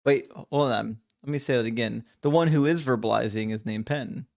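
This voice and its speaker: A man co-hosts a casual podcast, joking along, catching and correcting his own slips, and pulling the talk back on track. His voice sits at a middling pitch with a gravelly texture. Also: darkish tone, no room sound, studio quality. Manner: joking, quick to correct himself, steers back to the text. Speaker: podcast co-host. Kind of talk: casual chat.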